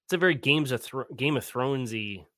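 Bright Philadelphia-accented man talking football. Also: medium pitch, fairly quick, dry recording, clean studio sound. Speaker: podcast co-host, football analyst. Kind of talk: casual sports chat.

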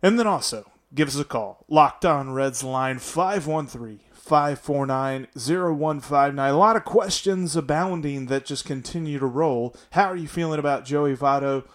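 A man's voice: fairly high pitch, normal speed, few pauses. Upbeat chatty male podcast host. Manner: chatty, upbeat, self-deprecating. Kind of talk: casual solo sports podcast monologue.

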